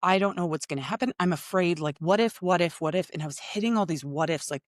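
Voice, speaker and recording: A woman's voice: lowish voice, quick pace, dry recording, studio quality. A woman in her thirties, a guest improv teacher, telling personal stories in casual conversation with frequent laughter. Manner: animated storyteller, laughs often.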